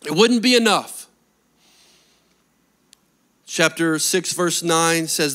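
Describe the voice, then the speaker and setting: A man delivering a sermon with a high-pitched, sharp and forceful voice. He preaches with energy and pushes his listeners with rhetorical questions. His delivery is animated. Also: slow, pauses often. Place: church service.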